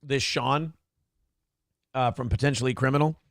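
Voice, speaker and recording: A man's voice: medium pitch, fairly even intonation, normal speed, dry recording, studio quality. A man hosting a casual show, joking crudely, laughing often and reading viewer chat messages aloud. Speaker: morning show host.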